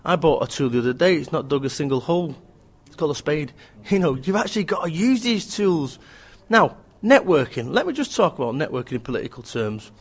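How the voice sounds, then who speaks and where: A man's voice: on the high side, very animated, fairly quick, hardly any pauses, breathy edge. A man, an author and business speaker, giving a blunt, emphatic, joking rant in an interview.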